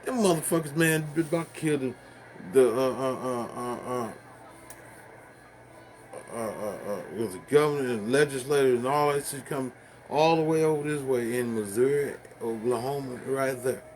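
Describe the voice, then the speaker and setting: A man's voice: medium pitch, normal speed, darkish tone, a little hiss or hum. Rambling, cussing man ranting casually. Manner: rambling and profane, stumbling over fillers, laughing at his own jokes. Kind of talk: casual rant to camera.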